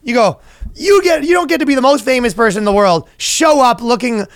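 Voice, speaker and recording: A man's voice: very high-pitched, animated, fairly quick, no echo, studio quality. A man co-hosting a comedy podcast, chatting casually in a rambling, profane, joking way. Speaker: podcast co-host.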